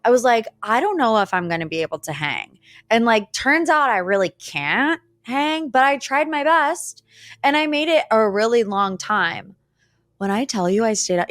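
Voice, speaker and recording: A woman's voice: on the high side, moderate pace, dry recording. A woman in her thirties hosting a podcast, telling stories in a chatty, dramatic way. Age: 30s. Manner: chatty, dramatic, animated storytelling. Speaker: podcast host. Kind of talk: casual solo chat. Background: faint weed whacker outside.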